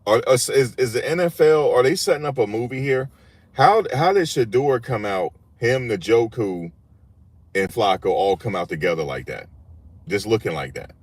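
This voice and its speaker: A man's voice: medium pitch, lively intonation, normal speed, no room sound. A man hosting a sports channel, giving casual reaction commentary in an emphatic, slangy way and repeating his points.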